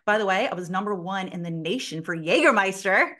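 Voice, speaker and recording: A woman's voice: mid-range voice, fairly quick. A woman in her thirties, a sales consultant telling stories in a casual interview, who acts out the people she quotes, swears freely and fills her talk with "like". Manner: animated, acts out quoted voices, heavy use of "like".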